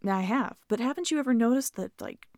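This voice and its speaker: A man's voice: very high-pitched, lively intonation, fairly quick, creaky, darkish tone, no room sound, studio quality, heavily acted. A woman voicing a teasing young man, a restaurant coworker, who talks eagerly with lots of fillers.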